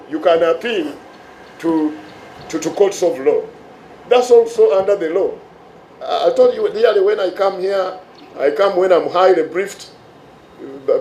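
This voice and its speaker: A middle-aged man with a Ugandan accent and a hoarse voice, giving a stern, emphatic press briefing as head of a regulatory agency. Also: high voice, darkish tone, slight background noise. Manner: stern, emphatic, with repeated words. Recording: echoey room.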